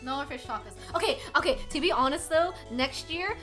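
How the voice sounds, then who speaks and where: Bright, lively young woman laughing a lot. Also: high voice, a little fast, faint music behind. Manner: animated, laughs often, swears casually. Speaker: livestreamer. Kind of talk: casual storytelling to chat.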